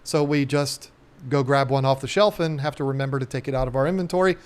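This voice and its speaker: A man's voice: medium pitch, fast, clear, resonant tone. A middle-aged man hosting a casual live stream, rambling and joking with many ums and restarts. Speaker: live stream host, aquarium shop owner.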